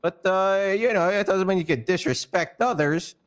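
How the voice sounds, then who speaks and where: A man's voice: high voice, normal speed. Fired-up, stammering man ranting. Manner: rambling and stammering, with frequent swearing; fired-up and indignant. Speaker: roleplayer explaining a firing. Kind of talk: heated storytelling in a roleplay stream.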